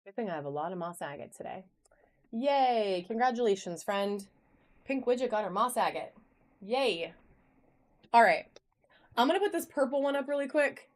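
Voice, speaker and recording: A woman's voice: a little high, animated, normal speed, long pauses. A woman hosting a live online auction, talking in a bubbly, chatty way and greeting viewers by name as she shows items. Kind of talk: live-stream sales chat. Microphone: phone camera.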